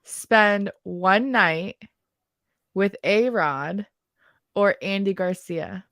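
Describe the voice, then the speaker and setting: A young woman in her twenties co-hosting a podcast, firing off playful questions and teasing her co-host. Her voice is mid-pitched and sounds close and dry. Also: very slow, fairly bright tone, no room sound. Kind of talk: casual chat.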